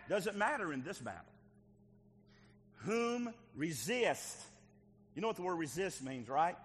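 A male pastor preaching a sermon to his church, moving from quiet teaching to shouted exhortation. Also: a little high, sing-song, normal speed, breathy edge, in a large hall.

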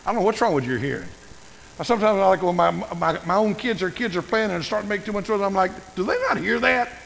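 High, gravelly older preacher. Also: male voice, fast, long reverb tail, a little hiss or hum, poor audio. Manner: folksy, humorous, animated storytelling. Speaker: pastor. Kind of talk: sermon.

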